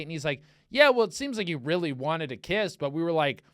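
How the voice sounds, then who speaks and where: A man's voice: fairly high pitch, expressive, fast, few pauses, a bit bright, no room sound, studio quality. A man hosting a casual comedic podcast, telling rambling dating stories full of swearing and fillers, and acting out the people he quotes. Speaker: podcast host.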